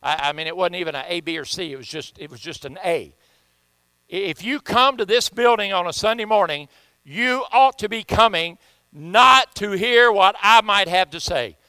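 A man's voice: high-pitched, moderate pace, bright, forceful tone, smooth, no room sound, rough recording. A man with a Southern US accent preaching a sermon as pastor, folksy and joking, often repeating himself.

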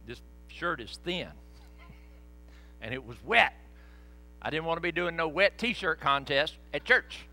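A middle-aged man preaches to his congregation with folksy stories and laughing asides. His voice sits high and swings widely, with a bright, forceful edge. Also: lively intonation, slow, pauses often, faint music behind. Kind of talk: storytelling sermon. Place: church sanctuary.

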